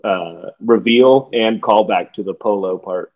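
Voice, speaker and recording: A man's voice: lowish voice, measured pace, phone-quality sound. A man in a casual movie discussion on a podcast, rambling and filling his talk with "like" while laughing often. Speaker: podcast co-host.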